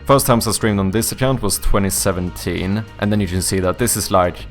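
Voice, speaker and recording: A man's voice: lowish voice, fairly quick, soft background music. A man from Sweden with a Swedish accent and British-leaning English, streaming live and chatting casually with his viewers, rambling and joking as he corrects himself. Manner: rambling, self-correcting, jokey. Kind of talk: casual live-stream chat reading chat aloud.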